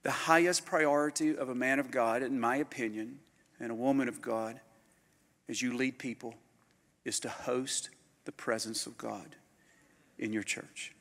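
A man, a pastor preaching a storytelling sermon that swings from loud bursts to hushed near-whispers. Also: mid-range voice, fairly even intonation, measured pace. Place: conference hall. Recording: live hall recording with long reverb.

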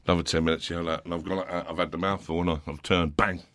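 Middle-aged guest, bright forceful voice, swearing raconteur who does everyone's voices. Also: male voice, low-pitched, little pitch movement, very fast. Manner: rowdy, swearing, acts out other people's voices. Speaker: podcast guest. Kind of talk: storytelling anecdote.

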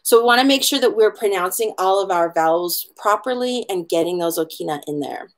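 A woman from Hawaii teaching an online hula class, explaining pronunciation in a chatty, encouraging way and slowing down to spell words out letter by letter. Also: medium pitch, lively intonation. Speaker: hula instructor.

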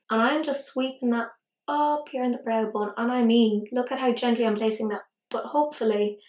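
A tired woman chatting casually through a makeup tutorial, rambling, swearing and poking fun at herself. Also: a little high. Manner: rambling, sweary, self-deprecating. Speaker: beauty vlogger. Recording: roomy echo.

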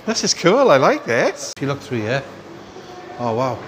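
A man chatting excitedly in a casual travel vlog, full of slang, first from a car and then inside a hotel. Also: mid-range voice, moderate pace, background noise. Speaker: vlogger.

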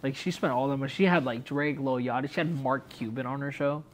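A man's voice: mid-range voice, quick pace, a little hiss or hum. A young man co-hosting a podcast, telling stories in loose slangy casual chat. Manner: laid-back slangy storytelling, says "bro" and "dude" a lot. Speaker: podcast co-host.

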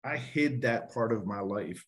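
A man's voice: on the low side, animated, measured pace. A middle-aged man, a podcast guest who tells rambling stories full of fillers and frequent chuckles. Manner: rambling, filler-heavy storytelling, chuckles often. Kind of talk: casual storytelling in an interview.

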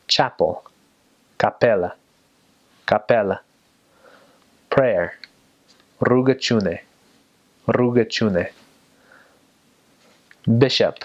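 A young man who served as a missionary, talking slowly and carefully and repeating each word. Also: lowish voice. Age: young adult. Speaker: returned missionary. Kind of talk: casual talk with vocabulary recitation.

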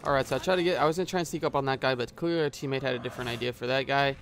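A man's voice: medium pitch, rapid-fire, fairly bright tone, slight background noise. A man giving casual gameplay commentary as a gaming YouTuber, rambling with many filler sounds and swearing at the game, recorded on a headset mic.

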